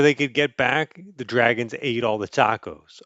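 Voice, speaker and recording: A man reads a picture book aloud in a playful, animated way, tossing in sound effects as he goes. His voice sits at an ordinary middle pitch and sounds close and dry, a little dull and muffled. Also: normal speed, no room sound. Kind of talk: casual storybook read-aloud.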